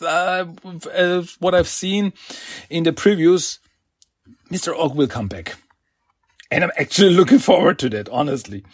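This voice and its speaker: A chatty, enthusiastic man hosts a comic book podcast, recapping issues with frequent laughs. His voice sits a bit high for a man and is recorded dry and close. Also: no room sound. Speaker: podcast host. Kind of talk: casual comic book review.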